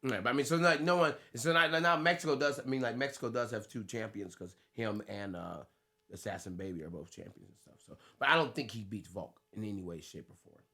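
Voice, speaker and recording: An American man, a fighter co-hosting a podcast, trades loose, laughing banter full of swearing. His lowish voice is brisk, pushed, and bright.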